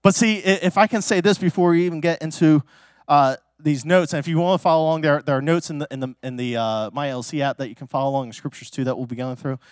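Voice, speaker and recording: A man's voice: on the high side, quick pace, smooth, dry recording, clean studio sound. A male pastor preaching in a church in a casual, story-driven way, talking in a chatty manner full of fillers and restarts.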